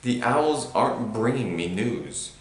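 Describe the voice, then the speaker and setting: A man's voice: mid-range voice, very animated, slow pace, a bit bright. A man voicing a defiant teenage boy who answers coldly and curtly. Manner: cold, curt, resigned. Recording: roomy echo.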